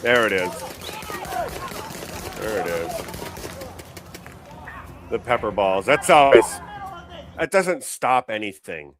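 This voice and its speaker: A man's voice: on the low side, very animated, slow, pauses often, a crowd in the background. A man hosting a show, giving a blunt, profane running commentary on video clips. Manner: blunt, swearing, fired up. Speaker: show host reacting to clips.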